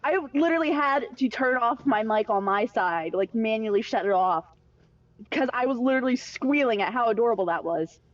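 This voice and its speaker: An enthusiastic woman player gushes to her friends during a tabletop game. Her voice is fairly high and swings lively up and down. She is heard from a distance, through a dull lo-fi mic. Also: a little fast. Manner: enthusiastic, gushing. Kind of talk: casual chat while playing.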